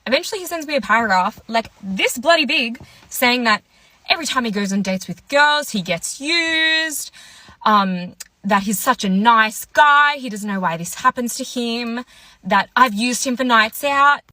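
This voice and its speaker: Bright-voiced young woman telling a storytime. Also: fairly high pitch, expressive, normal speed, no room sound. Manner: chatty, exasperated retelling with quoted dialogue. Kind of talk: casual storytime.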